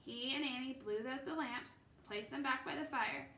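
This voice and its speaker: A woman's voice: high-pitched, moderate pace, sharp tone. A woman reading a children's book aloud, unrehearsed, with small stumbles and restarts. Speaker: reader. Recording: echoey room, faint background noise.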